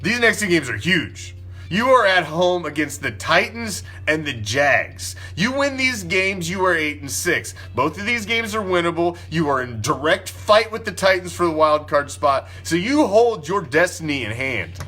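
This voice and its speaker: A man's voice: a little high, very animated, normal speed, sharp tone, soft background music. A man delivering a heated, profane sports opinion rant, emphatic and blunt. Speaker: sports talk commentator.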